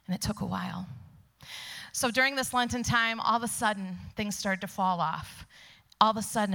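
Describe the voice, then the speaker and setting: Bright-voiced woman giving church testimony. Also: medium pitch. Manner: animated storyteller who drops to soft whispers for emphasis. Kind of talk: personal testimony in a church service. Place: church sanctuary before a congregation.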